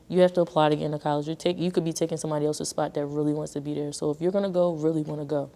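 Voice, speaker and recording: Woman, early twenties, graduating student, heartfelt testimonial, conversational, mellow tone. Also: deep voice. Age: early 20s. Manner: earnest, heartfelt, conversational with many "like"s. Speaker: graduating college student speaker. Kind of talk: personal testimonial talk.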